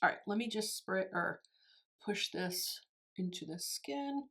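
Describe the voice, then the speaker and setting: A woman's voice: medium pitch, animated, unhurried, creaky, sharp tone. A married woman chatting casually to her viewers while she does her makeup. She rambles, makes fun of herself and laughs often. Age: adult, married. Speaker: beauty YouTuber. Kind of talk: casual makeup tutorial chat.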